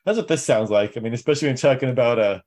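A man co-hosting a casual podcast, chatting in a relaxed way and laughing easily. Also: mid-range voice, rapid-fire. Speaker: podcast co-host. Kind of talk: casual chat.

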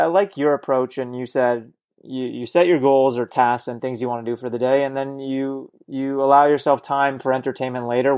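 A man hosting a podcast who asks thoughtful questions, pausing often to gather his words. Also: mid-range voice, a little mellow. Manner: thoughtful, hesitant with fillers. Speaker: podcast host. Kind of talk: interview questions.

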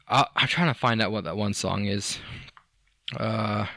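A man's voice: on the low side, a little slow, bright, forceful tone, dry recording, clean studio sound. A young man co-hosting a casual podcast, rambling and joking with lots of fillers, restarts and swearing. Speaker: podcast co-host. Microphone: studio microphone.

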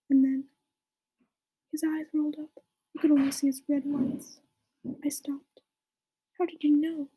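A woman reads aloud in a comic, mock-serious way, breaking off for dry asides. Her voice sits high but stays level, hardly rising or falling, and its tone is soft and mellow. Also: little pitch movement, a little slow, long pauses. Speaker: reader. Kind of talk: comic dramatic reading.

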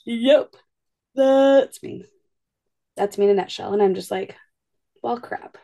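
A woman's voice: fairly high pitch, slow pace, gravelly. A woman in her thirties co-hosting a podcast, chatting casually and acting out her kids' voices as she tells stories. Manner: animated storyteller, acts out her kids' voices. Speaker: podcast co-host. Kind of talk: casual chat.

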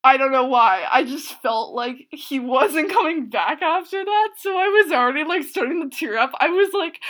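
A woman talking casually in a rambling, gushing way, full of fillers and restarts, sometimes bursting out loud. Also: high voice, moderate pace, few pauses. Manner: excitable, swings into loud outbursts. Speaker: reaction show host. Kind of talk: casual film reaction monologue.

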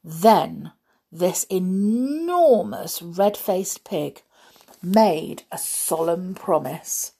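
A woman reading a children's book aloud in an expressive, gently playful way. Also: on the low side, very slow, slightly rough. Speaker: storyteller.

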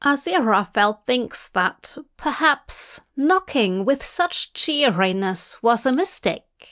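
A woman reading a fanfiction story aloud in measured, gently wry scripted narration. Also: on the high side, big pitch swings. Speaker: podfic reader.

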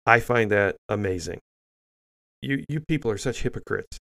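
An older man with a low, gravelly voice delivers opinionated news commentary. He is blunt and scornful, stumbling through restarts and fillers as he works through a list of stories. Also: animated, moderate pace, fairly bright tone. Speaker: commentary show host.

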